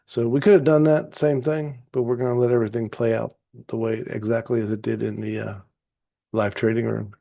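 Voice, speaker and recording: A man calmly narrating a trade replay as a trading teacher, easygoing and explanatory with some fillers and restarts. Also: medium pitch, a little fast, gravelly. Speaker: trading educator. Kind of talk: narrated chart walkthrough.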